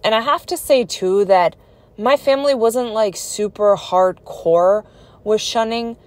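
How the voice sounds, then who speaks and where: A woman's voice: medium pitch, a little slow, dry recording. A woman telling her own life story in a personal vlog, speaking in an earnest, conversational and reflective way.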